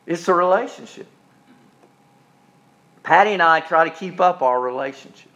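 A middle-aged man preaches a sermon in a high, ringing voice. He talks in a homespun, conversational way, circling back on his phrases and easing into folksy stories. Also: lively intonation, normal speed, a bit bright, dull audio. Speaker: minister.

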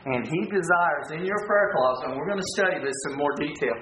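A man preaching from the pulpit with a notably high voice, driving his points home by repeating them. The sanctuary rings with echo, and a faint hiss sits under the sound. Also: lively intonation, brisk, a bit bright. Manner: emphatic preaching, repeating phrases. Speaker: pastor. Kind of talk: sermon.

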